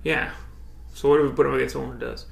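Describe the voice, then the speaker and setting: Gravelly laid-back young guy saying "dude". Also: mid-range voice, fairly even intonation, quick pace. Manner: laid-back, says "dude" constantly, swears freely. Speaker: podcast co-host. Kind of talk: casual chat. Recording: echoey room.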